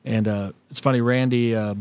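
A man's voice: medium pitch, fairly even intonation, normal speed, darkish tone, clear, resonant tone. A young man animatedly telling a funny story as a podcast host, laughing often and swearing. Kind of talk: casual storytelling.

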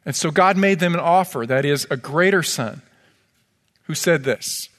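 A man's voice: on the high side, normal speed, a bit bright, long reverb tail. A man preaching a sermon as pastor, earnest and pleading, quoting scripture. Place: church sanctuary.

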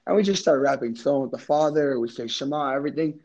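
A man's voice: mid-range voice, fast, darkish tone, dull audio. A man, a podcast guest, telling a story in a casual, rambling way with many "like" fillers. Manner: rambling, heavy use of "like".

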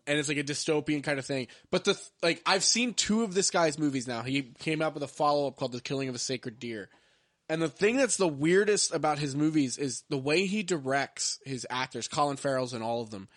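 Man, podcast host, casual rambling movie talk, higher voice, dry close sound. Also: fairly bright tone, no echo. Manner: rambling, lots of "like" fillers. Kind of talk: casual movie-ranking chat.

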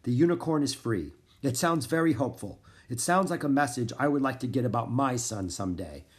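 A man reading aloud and voicing a grave, gruff older farmer in a storybook. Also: expressive, brisk, lightly acted. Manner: grave, commanding, booming at times.

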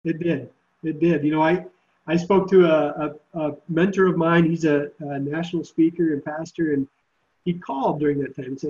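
A man's voice: a little high, steady tone, moderate pace, darkish tone, lo-fi sound. A man who leads a Christian summer camp, speaking earnestly and reflectively in an interview. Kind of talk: podcast interview.

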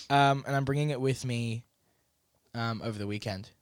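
A man's voice: mid-range voice, very animated, a little slow, a bit bright, no room sound, studio quality. A man co-hosting a podcast in casual chat, rambling with many ums and giggling often. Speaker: podcast co-host.

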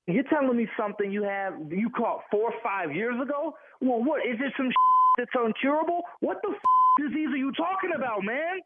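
A man's voice: very high voice, expressive, normal speed. Agitated man on a tinny phone line. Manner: agitated, swearing, demanding answers. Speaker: prank call target. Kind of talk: phone call.

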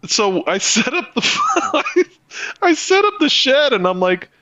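A man's voice: very high-pitched, very animated, slow, sharp tone, no echo, dull audio. A man telling a story as a podcast co-host, swearing freely and laughing as he goes. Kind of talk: casual profane storytelling.

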